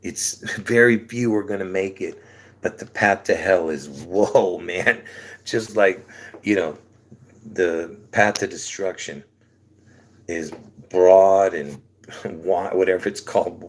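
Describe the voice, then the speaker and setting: A man preaching casually to his channel on a livestream, rambling, chuckling between phrases and asking "all right?" again and again, with a sore throat. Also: low-pitched.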